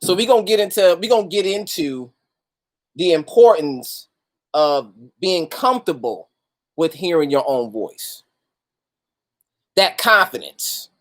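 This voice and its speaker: A man's voice: fairly high pitch, lively intonation, a little slow, pauses often. A man hosting a casual livestream, greeting viewers by name and talking loosely with street slang and plenty of profanity. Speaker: host of a livestream talk.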